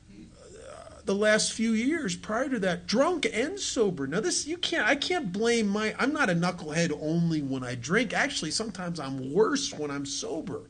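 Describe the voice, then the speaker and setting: A man's voice: high voice, sing-song, measured pace, fairly bright tone. A man giving a folksy story talk at a recovery retreat, acting out the voices of the people he quotes.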